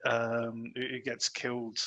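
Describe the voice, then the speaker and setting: A man's voice: mid-range voice, completely flat delivery, unhurried, sharp tone, muffled recording. A man co-hosting a casual film review podcast, chatting with lots of fillers and restarts and acting out quoted lines. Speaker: podcast co-host.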